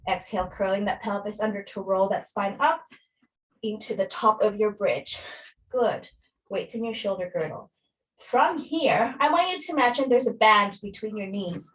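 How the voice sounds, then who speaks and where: A woman's voice: mid-range voice, fairly bright tone, far from the mic, poor audio. A woman fitness instructor, a little out of breath, guiding a workout and counting reps with encouragement.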